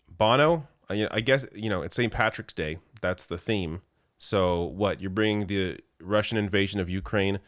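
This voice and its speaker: A man's voice: deep voice, a bit bright, no echo, studio quality. A man hosting a political commentary show, talking in an exasperated, sarcastic way about the news. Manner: exasperated, sarcastic, laughing now and then.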